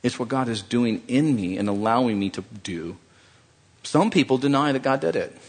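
Animated man preaching, lively pitch. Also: normal speed. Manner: animated, conversational preaching with jokes to the congregation. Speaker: pastor. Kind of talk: sermon.

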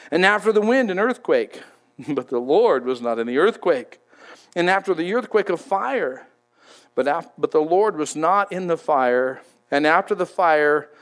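Male pastor, high-pitched, chatty and emphatic, preaching a sermon. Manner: conversational, emphatic, repeats words.

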